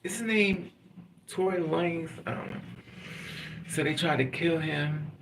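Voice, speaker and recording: Rambling, profane man with gravelly voice. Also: fairly high pitch, measured pace. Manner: rambling, profane, animated storytelling. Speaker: vlogger. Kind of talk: casual monologue to camera. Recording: distant mic with loud background noise.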